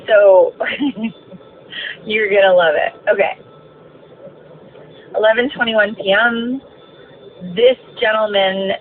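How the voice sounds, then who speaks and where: A woman's voice: on the high side, slight background noise. A woman bus driver, telling a story in a swearing, filler-heavy rant while driving. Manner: ranting, swearing, many fillers. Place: inside a moving bus. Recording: tinny lo-fi phone recording.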